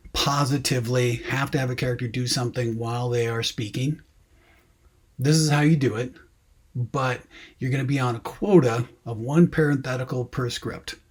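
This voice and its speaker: A man with a husky, slightly breathy voice explains screenwriting in a relaxed lecture. He talks conversationally, with plenty of ums and dry, wry asides. His tone stays loose and unscripted. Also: medium pitch. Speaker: screenwriting teacher. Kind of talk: casual classroom lecture.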